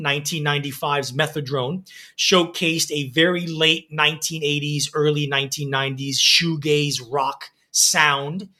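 A man's voice: fairly high pitch, sharp tone. A man co-hosting a music podcast, reading album reviews in a casual, enthusiastic way with frequent laughs.

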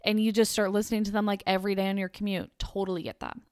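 A woman's voice: medium pitch, little pitch movement, very fast, a little mellow, clear, resonant tone, no echo. Chatty young woman podcaster, dry close sound. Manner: chatty, rambling, heavy use of "like". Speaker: podcast host. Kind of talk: casual solo podcast monologue.

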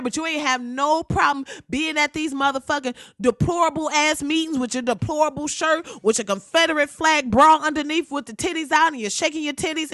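A woman's voice: high-pitched, a bit bright, no room sound, studio quality. A woman hosting a show, delivering a blunt, heated comedic rant full of swearing and slang.

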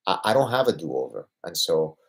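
A man's voice: sits low, normal speed, slightly rough. A man in his fifties hosting a livestream Q&A, answering viewers emphatically and often tagging points with a rhetorical "right?". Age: 50s. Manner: lively, getting excited about his passions. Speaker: host answering viewer questions.

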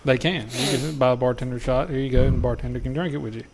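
A man chatting with friends over drinks on a podcast. He is relaxed and easygoing and drops quick joking asides. His pitch sits in an ordinary middle range. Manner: laid-back, joking asides. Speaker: podcast co-host. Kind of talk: casual drinking chat.

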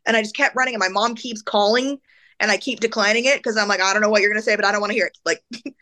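A woman speaking as an interview guest, telling an emotional personal story in casual, animated speech full of "like"s and acted-out voices. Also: medium pitch, racing. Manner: animated, acts out the voices of people in her story; casual, filler-heavy speech with many "like"s.

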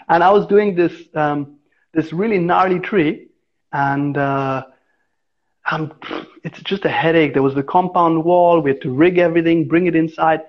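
Animated storyteller man, lo-fi sound. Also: on the high side, a little slow. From India. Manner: animated storyteller who acts out the voices in his anecdotes. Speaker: arborist, interview guest. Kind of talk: casual interview storytelling. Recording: dull, lo-fi sound.

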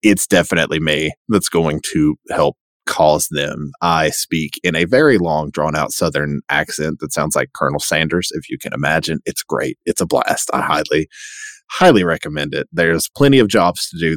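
A man co-hosting a podcast, chatting casually and enthusiastically with quick asides. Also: rumbling low, a bit bright, dry recording, clean studio sound. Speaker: podcast co-host. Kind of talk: casual chat.

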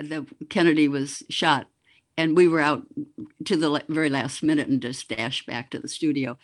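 An older woman from the Boston area, a former news anchor telling a story as a guest. She tells it vividly and mimics sounds. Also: low voice. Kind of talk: reminiscing interview storytelling.

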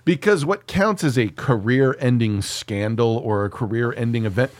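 A man's voice: medium pitch, normal speed, no room sound. Male podcast co-host, sarcastic and profane, laughs easily, dry studio sound. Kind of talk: casual chat.

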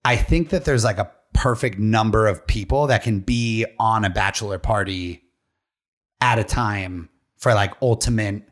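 Hoarse, chatty podcast co-host man. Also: lowish voice, a little slow. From Pennsylvania. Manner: loose, chatty, full of fillers and profanity. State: hoarse after a weekend party. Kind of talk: casual podcast chat.

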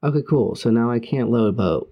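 A man co-hosting a casual online show, swearing freely and grumbling about slow tech while chatting through news. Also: mid-range voice, muffled recording. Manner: profane, animated, grumbling. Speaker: podcast co-host. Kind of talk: casual chat.

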